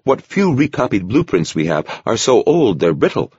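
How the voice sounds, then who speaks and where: A man's voice: mid-range voice, big pitch swings, moderate pace, a little mellow, breathy edge, no echo, lo-fi sound, pitched above the performer's own voice. A man voicing an earnest, eager young male apprentice monk who speaks hastily. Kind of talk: audiobook character voice.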